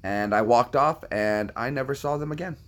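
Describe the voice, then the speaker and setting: Talking at normal speed in a mid-range voice, a male host chats casually with his viewers. His talk wanders through anecdotes and circles back with repetitions.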